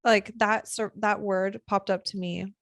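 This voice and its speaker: Gravelly-voiced woman hosting a podcast. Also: medium pitch, unhurried, no room sound, clean studio sound. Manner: animated, acts out quoted lines with laughter. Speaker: podcast host. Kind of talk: casual storytelling chat.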